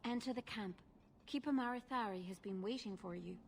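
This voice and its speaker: An actress voicing a brisk, formal elf scout in a video game. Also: female voice, mid-range voice, darkish tone, a little hiss or hum, lightly acted.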